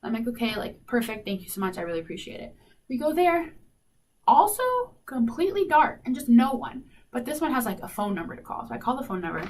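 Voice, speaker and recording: A young woman from South Dakota, telling a long story in a casual, animated way, filled with "like" and acted-out dialogue. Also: a little high, fast. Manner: animated, lots of "like", acts out quoted dialogue. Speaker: radio show host. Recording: faint noise, slightly distant mic.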